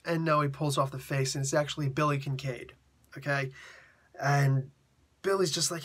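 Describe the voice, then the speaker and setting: A comic book reviewer walks through a story in casual, slangy chat, laughing along the way. His voice is husky and a bit high for a man. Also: steady tone, normal speed, a bit bright. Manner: chatty, slangy, laughs often.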